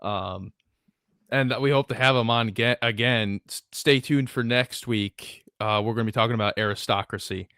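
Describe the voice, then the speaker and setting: A young man hosts the conversation with a bright, forward tone. He is eager and laughs easily. The sound is close and dry. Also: mid-range voice, normal speed, clear, resonant tone, no room sound. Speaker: podcast host. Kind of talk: casual chat.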